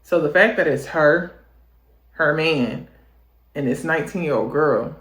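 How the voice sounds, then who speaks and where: A man hosting a reaction video, commenting in an incredulous, drawn-out way. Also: a little high, fairly bright tone. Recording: roomy echo.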